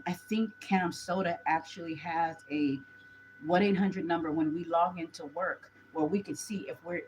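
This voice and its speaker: A woman's voice: deep voice, a little mellow, slight background noise, poor audio. A woman gives a chatty live tarot reading, talking straight to her viewers. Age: 40s. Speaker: tarot reader.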